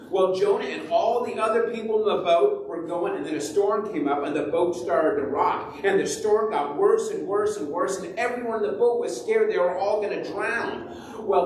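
A man as pastor, telling a Bible story to children in an animated way and acting out its voices. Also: sits high, a little hiss or hum. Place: church sanctuary. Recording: echoey church from far off.

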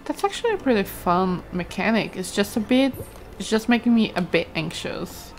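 Young woman streaming a game, easygoing mid-pitched voice, soft music underneath. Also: expressive. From Brazil. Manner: chatty, quick to exclaim, reads chat aloud. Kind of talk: casual gameplay commentary.

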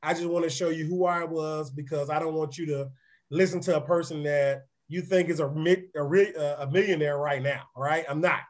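Man, raspy voice, higher-pitched, energetic, conversational presenter, live stream talk. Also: a little fast. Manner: energetic, conversational, often asks "right?"; repeats words and restarts sentences. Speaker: real estate presenter.

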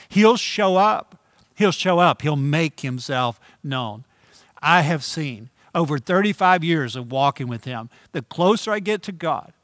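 A middle-aged man preaching a sermon as pastor, earnest, repeating key phrases and slowing down for emphasis. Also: mid-range voice, fairly bright tone, no echo, studio quality.

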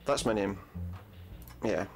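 A man's voice: lowish voice, slow, gravelly, a little mellow, faint music behind. Chatty man commenting on gameplay. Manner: chatty, wry asides, self-mocking.

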